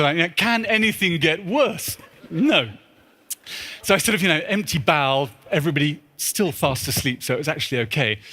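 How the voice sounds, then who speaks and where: Speaking to a symposium audience in a big church hall, this man uses a sharp, somewhat high voice. On stage, he spins a travel tale at his own expense, leaning on "sort of" fillers and tossing in comic asides.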